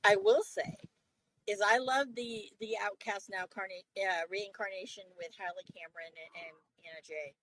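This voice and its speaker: A woman co-hosting a wrestling podcast, talking casually in an animated, profane rant. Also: mid-range voice, normal speed, no echo, rough recording. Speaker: podcast co-host. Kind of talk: casual chat.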